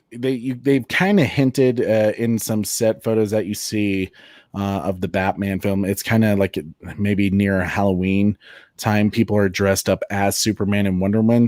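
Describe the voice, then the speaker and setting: A male host talks in a loose, rambling way, often laughing between thoughts. His voice sits a bit low, and the recording is dry and close with no room sound. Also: darkish tone, no room sound. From Colorado, United States. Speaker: show host. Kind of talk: casual chat.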